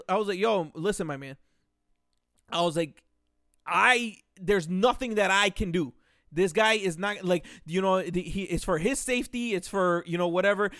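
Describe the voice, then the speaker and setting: A young man telling a story on a podcast, animated and profane, acting out the quotes loudly. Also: sits high, no room sound, studio quality. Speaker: podcast host. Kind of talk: casual storytelling.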